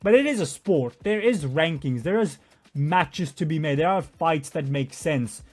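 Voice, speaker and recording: A man's voice: on the high side, lively intonation, a little slow. A man giving a profane, mocking commentary rant over interview clips. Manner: mocking, profane, does sarcastic impressions. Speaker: YouTube commentator.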